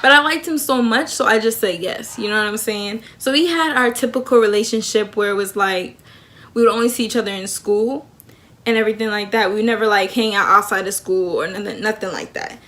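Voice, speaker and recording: A young woman vlogger chatting through a personal story time, animated and talkative, acting out what people said. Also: medium pitch, brisk. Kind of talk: storytime vlog.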